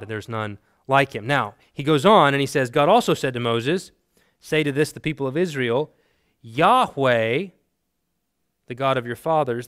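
Man teaching a theology lecture, smooth voice. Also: medium pitch, a bit bright, dry recording, studio quality. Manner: conversational, emphatic, asks the class questions. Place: classroom.

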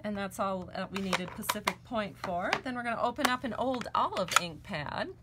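A woman's voice: medium pitch, moderate pace, heavy background noise. A woman hosting a live stamping and card-making demonstration at her crafting table. She talks in a chatty way and gushes over her work.

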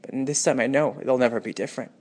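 A man speaking a raw, emotional personal monologue, anguished and bitter, moving between hushed and intense delivery. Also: mid-range voice, very fast.

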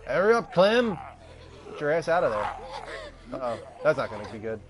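A man's voice: mid-range voice, very animated, moderate pace, noisy background. A man streaming a video game live, making wry, chatty remarks and greeting viewers. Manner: chatty, wry, laughing asides to chat. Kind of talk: live gameplay commentary.

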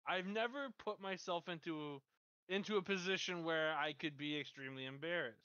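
A man with a fairly high voice chats on a podcast, giving short, blunt reactions. His recording sounds muffled and lo-fi. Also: normal speed, pushed and bright, clear, resonant tone. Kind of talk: casual chat. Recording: dull lo-fi sound.

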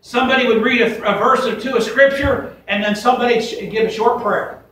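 A man delivers an emphatic, folksy sermon, his voice sitting high and bright. He is picked up from a distance in a church sanctuary with heavy echo and a faint hiss underneath. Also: steady tone, fairly quick. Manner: folksy, emphatic preaching with scripture quotes. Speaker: pastor. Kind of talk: fiery sermon.

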